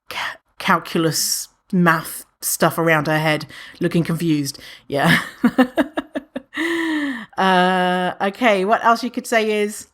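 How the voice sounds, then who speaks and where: A woman hosting her podcast in a casual, playful way, often acting out other people's remarks in mock voices. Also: sits low. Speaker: podcast host. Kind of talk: casual solo podcast chat.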